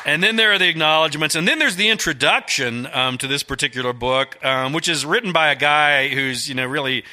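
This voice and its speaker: A man's voice: a little high, fairly quick, bright, forceful tone, a faint crowd. A middle-aged man, an author telling rambling, folksy stories to a live audience, full of fillers. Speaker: author at a book event.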